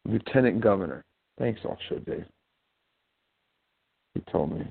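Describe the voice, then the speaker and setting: Heard through a tinny, phone-like line, a man with a lowish, gravelly voice and a breathy edge talks in an animated but unhurried way. He hosts a casual talk-show podcast out of Ohio, rambling and mumbling with many fillers and restarts.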